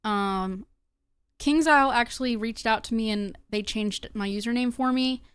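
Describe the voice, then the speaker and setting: A woman's voice: fairly high pitch, moderate pace, a bit bright, clear, resonant tone, dry recording. A young woman streamer talking casually to her chat, rambling with lots of fillers and restarts. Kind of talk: casual livestream talk to chat.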